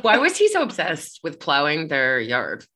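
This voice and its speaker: Low, bright-voiced woman chatting. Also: wildly swooping pitch, moderate pace. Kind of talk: casual chat about a film.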